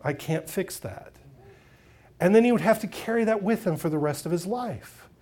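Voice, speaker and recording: Pastor guy preaching, high voice, really lively storytelling. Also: moderate pace. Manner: expressive storytelling, acts out quotes. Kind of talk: sermon.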